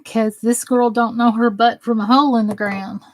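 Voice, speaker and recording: Recorded dry, a woman with a fairly high voice speaks at a moderate pace with fairly even intonation. She's from the American South, has a Southern accent, and hosts a crafting live stream where she chats folksily, reads comments aloud, and pokes fun at herself.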